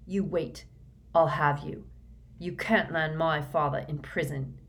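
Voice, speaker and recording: A woman voicing a spiteful teenage boy bully who threatens in a low, hushed, slow voice. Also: fairly even intonation. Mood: menacing hush.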